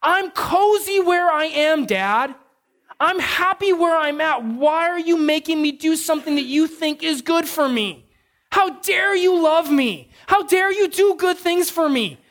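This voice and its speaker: A high, sulky little boy whines and pleads, his voice jumping far above normal speech, as a preacher puts him on. He sounds stubborn and put-upon, and he stretches his complaints out. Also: animated, measured pace, a bit bright, exaggerated voice. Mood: whining. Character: whiny stubborn young boy refusing to go.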